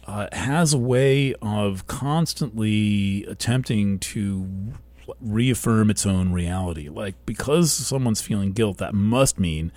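A man hosting a weekly show, talking in a slow, thoughtful monologue that halts and restarts as he searches for words. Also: lowish voice, darkish tone, dry recording. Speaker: host. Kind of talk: reflective monologue.

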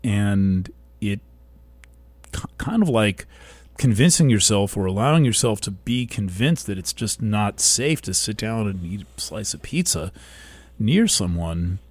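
A man hosting a weekly show, talking in a slow, thoughtful monologue that halts and restarts as he searches for words. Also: fairly low pitch, animated, no room sound. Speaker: host. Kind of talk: reflective monologue.

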